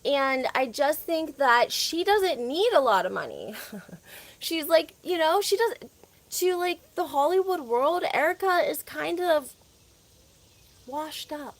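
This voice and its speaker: With a Southern American accent, a woman hosts a casual gossip livestream recapping reality TV, chatty and opinionated and often laughing between points. Her high voice has a sing-song, unhurried quality.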